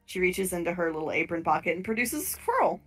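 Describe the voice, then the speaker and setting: A woman with a somewhat low voice running a tabletop horror game. She narrates in a casual, animated way, with easy laughs. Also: fast, faint music behind. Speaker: game master.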